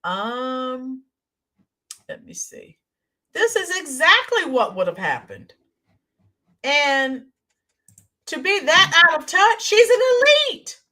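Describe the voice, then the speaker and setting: Lively high-voiced woman streamer. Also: takes it slowly, long pauses. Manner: animated, reads viewer comments aloud, greets viewers warmly. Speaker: political livestream co-host. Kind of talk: casual political commentary livestream.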